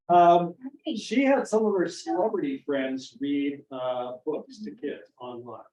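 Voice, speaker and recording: This is a children's author, a middle-aged Maine man, performing storytime for kids and families at a library and lively voicing each character he quotes. He speaks slowly in a somewhat high voice. The sound comes from a distance in a dull, echoey event room.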